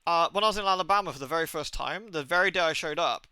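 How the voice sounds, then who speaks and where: A British man in his thirties chats over his game stream in a loose, rambling way, swearing now and then. His voice sits a little high and rings bright and forceful. The sound is close and dry, with no room around it. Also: quick pace, clear, resonant tone, dry recording. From Britain. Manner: rambling, anecdotal, swears freely. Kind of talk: casual gaming stream chat.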